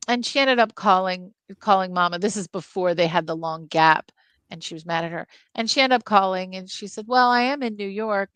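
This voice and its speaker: A woman's voice: on the low side, a little fast, clear, resonant tone, dry recording. Woman retelling a story with relish. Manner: lively storytelling, retelling scenes with laughs. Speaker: film club podcast co-host. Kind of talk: casual film discussion.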